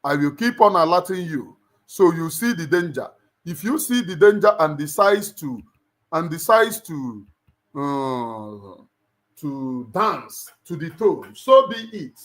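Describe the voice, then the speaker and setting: A middle-aged man with a Nigerian accent addresses his livestream viewers in a fervent, sermon-like style. He repeats phrases for emphasis and presses each point home. His speaking voice sits somewhat high for a man. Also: lively intonation, slow pace, a bit bright. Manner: emphatic, repeats lines like a preacher. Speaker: livestream host.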